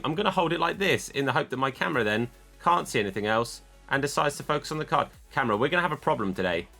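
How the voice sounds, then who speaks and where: Chatty man with a bright voice. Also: lowish voice. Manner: chatty, self-deprecating, talks to his camera. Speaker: card opening host. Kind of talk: casual chat while opening card packs.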